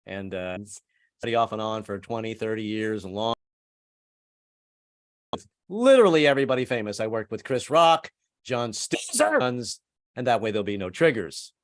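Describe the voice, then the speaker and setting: A man's voice: fairly low pitch, sing-song, moderate pace, pauses often, no echo, studio quality. Older man in his seventies doing stand-up. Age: 70s. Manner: rambling, self-deprecating jokes. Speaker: stand-up comedian. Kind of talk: stand-up comedy set. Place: home, video call.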